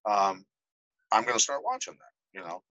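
A man's voice: on the low side, normal speed, no echo, dull audio. A middle-aged man, a podcast guest, telling stories in a casual interview and animatedly acting out the voices of the people in them. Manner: animated storyteller, acts out quoted voices. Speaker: podcast guest, former fighter.

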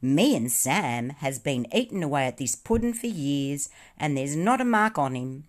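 A woman voicing a rough-and-ready male sailor with hearty, blunt, slangy talk. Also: deep voice, sing-song, normal speed. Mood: explaining.

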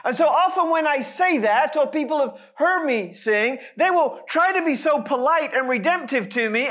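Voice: high voice, lively intonation, normal speed, few pauses, fairly bright tone. A pastor preaching a sermon, speaking emphatically with light, self-deprecating humor.

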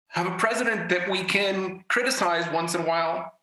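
A man's voice: sits high, normal speed, bright, forceful tone. A man from Ukraine speaking live on a video call in an emotional interview, fighting back tears as his voice rises with feeling. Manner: impassioned, voice rising with emotion. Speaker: guest speaking live from a war zone. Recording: echoey room on a remote call.

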